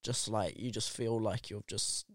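A man's voice: on the low side, fairly even intonation, unhurried, no room sound, studio quality. Teasing young New man. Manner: teasing, playful, laughs often. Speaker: podcast co-host. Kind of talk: casual chat.

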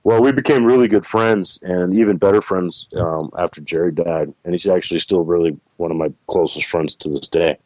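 Low and a little mellow, this man's voice moves fairly quickly with few pauses and no echo. He's a middle-aged plant breeder being interviewed, spinning a long, rambling tale with self-corrections and frequent laughter over a dull, dry recording.

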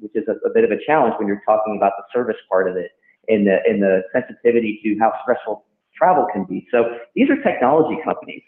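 A man hosts a casual podcast chat, weighing his words and hedging with care. His voice comes through thin and phone-like, with a roomy echo around it. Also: fairly low pitch. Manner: measured, thoughtful, hedging. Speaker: podcast host. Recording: tinny phone line in an echoey room.

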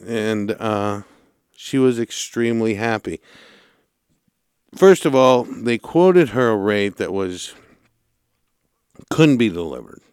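A man hosting a radio show about mortgages, telling a client story in a lively, chatty way and acting out the calls. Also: lowish voice, slow pace, long pauses, clear, resonant tone, no echo, studio quality. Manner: animated storyteller, acts out callers' lines. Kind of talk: casual radio talk, storytelling.

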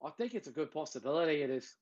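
A man's voice: a little high, very animated, racing, darkish tone, muffled recording. Brash, profane male podcast co-host. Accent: put-on accent at times. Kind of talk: casual sports chat.

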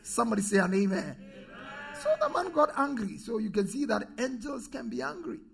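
A man's voice: very high voice, expressive, a little fast, gravelly, fairly bright tone. A male pastor preaching a sermon, emphatic, repeating key phrases and calling on the congregation to respond.

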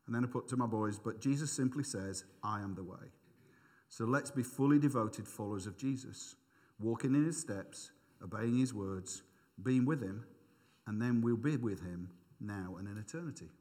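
A man's voice: mid-range voice, expressive, moderate pace, a bit bright. A middle-aged man giving an informal, conversational sermon, thinking aloud with self-deprecating asides. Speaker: preacher. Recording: long hall reverb.

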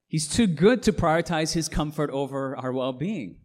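A man's voice: on the high side, lively intonation, normal speed. A middle-aged man, a pastor, preaching a sermon with emphatic delivery and frequent rhetorical questions.

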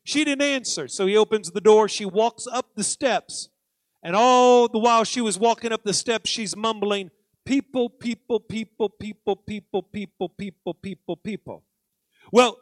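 A man preaching in a church with a high-pitched voice that climbs as he drives each point home. He speaks emphatically, repeating key words over and over. The sound is close and dry. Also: moderate pace, dry recording. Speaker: pastor. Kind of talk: sermon. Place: church sanctuary.

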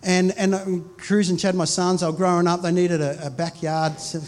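A man's voice: sits high, level tone, moderate pace. A man in his forties, a pastor preaching a sermon in a conversational, storytelling way with frequent restarts. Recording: reverberant hall.

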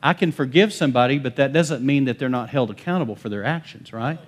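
Male pastor mid-sermon, mid-pitched voice, emphatic, asks the room for amens. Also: fast talker, dull audio. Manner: emphatic, swings between bold calls and hushed asides; calls out to the congregation for amens.

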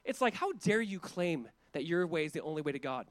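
A man's voice: on the high side, lively intonation, fast talker, hardly any pauses, dry recording. A male pastor preaching a sermon in a conversational, emphatic way, with asides and chuckles.

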